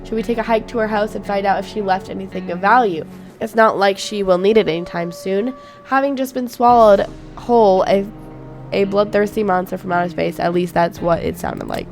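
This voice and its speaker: Gravelly, swearing gaming woman. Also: medium pitch, expressive, a little fast, darkish tone. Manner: chatty and reactive, swears freely, laughs often. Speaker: gaming YouTuber. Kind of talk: casual game commentary, reading game text aloud. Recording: faint game music behind.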